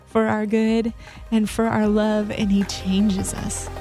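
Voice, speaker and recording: A woman's voice: mid-range voice, level tone, slow pace, over music. A woman co-hosting a faith podcast, earnest and conversational. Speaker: podcast co-host. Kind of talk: casual reflective chat.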